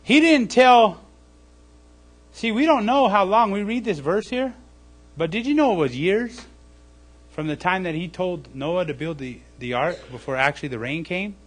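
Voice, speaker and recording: A man's voice: sits high, lively intonation, normal speed. A man preaching a sermon in a conversational way, often checking in with "okay?" and "right?" and acting out mocking voices. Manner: acts out mocking voices loudly. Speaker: pastor. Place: church service.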